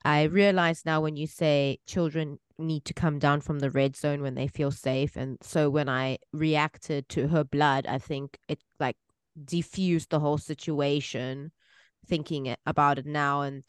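Woman podcast host, low smooth voice, hesitant casual talk. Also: steady tone, unhurried, dry recording, studio quality. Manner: hesitant, restarts sentences.

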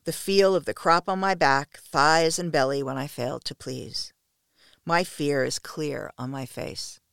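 Woman with a gravelly reading voice. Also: low voice, a little slow, a bit bright, dry recording, studio quality. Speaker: narrator. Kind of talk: first-person erotic story reading.

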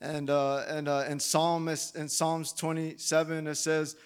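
Higher-voiced man preaching with restarts. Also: flat delivery, measured pace, hardly any pauses, clean tone. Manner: repetitive restarts, emotional and pleading. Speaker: lay preacher. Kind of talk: sermon.

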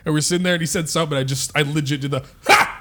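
A man's voice: fairly high pitch, steady tone, rapid-fire, heavy background noise. A young man co-hosting a podcast, telling stories in laid-back, slangy casual chat. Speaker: podcast co-host.

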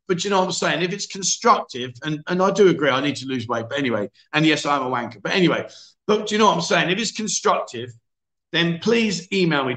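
A man with a slightly high, somewhat bright voice hosts a casual livestream chat show in an echoey room. Reading out viewer comments, he's chatty and self-deprecating, often restarting sentences and saying "mate."

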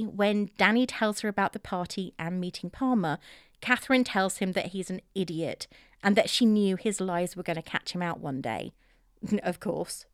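A woman's voice: medium pitch, clean tone, no echo, studio quality. A woman recapping a film plot in a casual way, with chatty, opinionated asides. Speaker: film reviewer.

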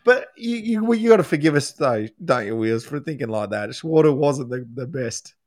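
Aussie bloke hosting, tells yarns, laughs a lot, dry close sound. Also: male voice, mid-range voice, animated, moderate pace, a little mellow, dry recording. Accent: Australian. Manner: storytelling, laughs often. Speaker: podcast host, former footballer. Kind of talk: casual interview chat.

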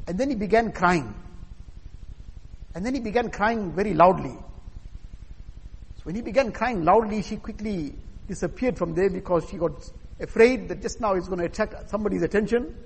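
His voice is high and slightly rough, moving at normal speed with long pauses, as he delivers a sermon. He narrates a story earnestly, speaking the lines of the people in it, while a long hall reverb trails his words.

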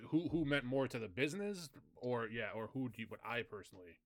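A man in a casual podcast chat, laughing easily and offering quick reactions. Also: medium pitch, animated, slight background noise.

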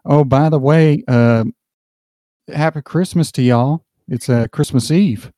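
A man putting on a friendly American limo driver who calls back over his shoulder in a high, twangy drawl. The voice sits well above the man's own and sounds upbeat and easygoing. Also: unhurried, mellow, dry recording, clean studio sound, natural voice. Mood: cheery. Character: chatty cheerful male limo driver.

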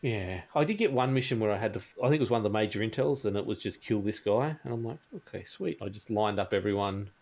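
A man's voice: fairly low pitch, fast, hardly any pauses, darkish tone. A man with an Australian accent hosting a casual gaming podcast, telling stories and mimicking people. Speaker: podcast host. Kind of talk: casual chat.

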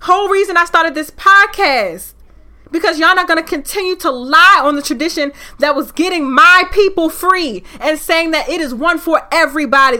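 A woman hosting a solo podcast, speaking, ranting fiercely and preaching with rising anger. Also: sits high. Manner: fiery, preachy, loud at times. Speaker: podcast host. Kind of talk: impassioned solo podcast rant.

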